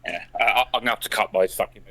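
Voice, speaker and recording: Brief: guy, low voice, quick and sweary, exasperated casual talk. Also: bright, forceful tone. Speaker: podcast co-host. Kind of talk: casual chat.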